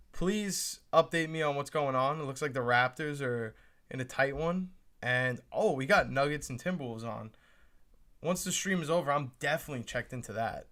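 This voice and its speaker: A man's voice: on the high side, bright, forceful tone. A young man streaming live reactions to a sports draft, pleading and exasperated, often repeating himself. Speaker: fantasy football streamer.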